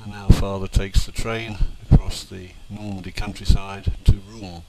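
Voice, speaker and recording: A man in his sixties from England talks over old family film, unhurried and reminiscing, pausing on fillers. His voice sits a little low. A heavy, constant hiss runs beneath it. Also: flat delivery. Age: 60s. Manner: unhurried, with fillers and small restarts. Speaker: narrator of home movies.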